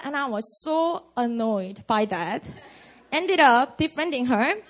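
A woman's voice: on the high side, animated, slow, a faint crowd. A woman preaching a casual, conversational sermon at a prayer meeting, full of "you know" and "like". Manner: chatty, many fillers like "you know" and "like".

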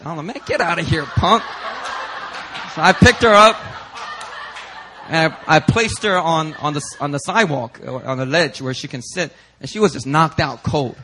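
A young male pastor telling a lively, casual story in a sermon, slipping in Korean phrases. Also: on the high side.

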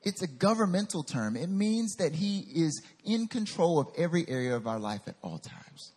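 Husky Southern preacher man. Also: a little high, normal speed. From North Carolina. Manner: lively, addresses the congregation directly. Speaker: pastor. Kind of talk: sermon.

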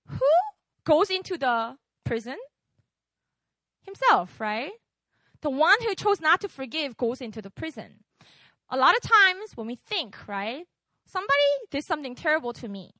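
A woman's voice: high-pitched, bright, forceful tone, no room sound. A woman giving a casual sermon, chatting with her listeners and quizzing them with "right?" as she goes. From outside America. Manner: conversational, keeps quizzing the audience with "right?". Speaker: preacher. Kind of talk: casual sermon to a young congregation.

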